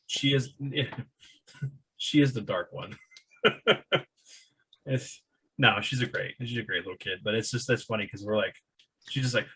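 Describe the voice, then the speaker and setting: Husky podcast dude, jokey, laughing a lot while he talks. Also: mid-range voice, takes it slowly, pauses often, fairly bright tone, poor audio. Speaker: podcast co-host. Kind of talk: casual chat.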